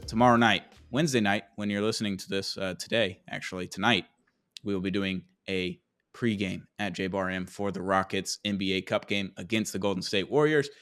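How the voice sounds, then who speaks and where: A man's voice: deep voice, fairly even intonation, fairly bright tone, faint music behind. A young man hosting a casual sports podcast, upbeat and full of fillers. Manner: upbeat, quick sponsor reads with filler words. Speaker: podcast host.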